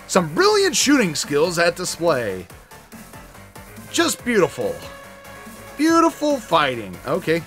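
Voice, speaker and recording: A man giving comedic gameplay commentary, animated and shouty, slipping in and out of put-on voices. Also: a little high, slow pace, long pauses, soft background music. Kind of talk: comedic let's play commentary.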